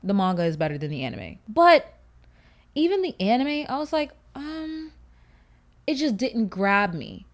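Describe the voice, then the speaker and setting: A woman's voice: fairly high pitch, sing-song, a little slow. A woman of twenty-one talking casually to camera as a YouTuber, chatty and slangy, rambling off on asides.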